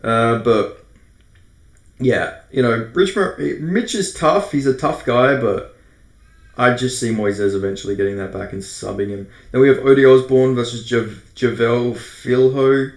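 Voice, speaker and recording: A man's voice: mid-range voice, unhurried. An Australian man giving casual, rambling fight predictions, swearing often and correcting himself as he goes. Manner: rambling, profane, self-correcting. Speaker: MMA predictions host. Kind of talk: casual fight breakdown monologue. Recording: roomy echo.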